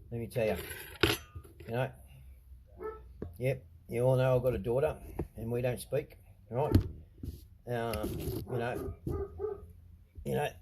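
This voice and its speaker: A man's voice: medium pitch, heavy background noise. A middle-aged Australian man ranting into the camera, blunt and sarcastic, swearing a lot. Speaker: vlogger.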